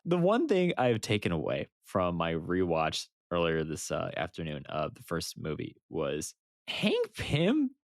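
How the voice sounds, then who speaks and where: A man co-hosting a podcast in casual chat, animated and laughing as he recaps scenes. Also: deep voice, unhurried, dry recording, clean studio sound. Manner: animated, laughs and uses fillers while recapping. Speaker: podcast co-host.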